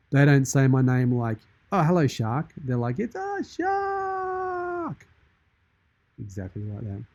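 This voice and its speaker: An Australian man hosting a live stream in a shark persona, chatting casually and deadpan while reading out viewer comments from his studio. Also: medium pitch, no room sound. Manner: jokey, deadpan, in-character banter. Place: studio with green screen.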